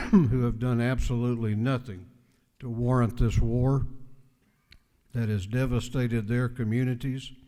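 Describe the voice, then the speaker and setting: Legislator, male, slow and measured podium speech, emphatic, reverberant chamber. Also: mid-range voice, warm tone. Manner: measured, emphatic, with repetitions for stress. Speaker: state legislator presenting a resolution. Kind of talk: formal floor speech. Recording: long reverb of a large chamber.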